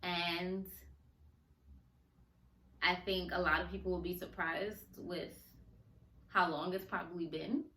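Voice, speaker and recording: A woman hosts her own podcast in a slow, unhurried, heartfelt way, laughing often as she talks. Her voice sits a little low. The recording is roomy and echoey, with her a bit back from the mic. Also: little pitch movement, pushed and bright, far from the mic. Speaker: podcast host. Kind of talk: solo podcast talk.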